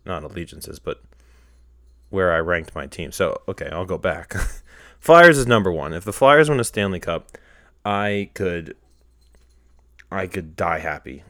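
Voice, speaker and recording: A young man hosting a solo podcast, rambling in casual chat and getting heated, sometimes close to yelling. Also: low voice, no echo. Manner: rambling, heated, rises to near-yelling when retelling anger. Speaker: podcast host.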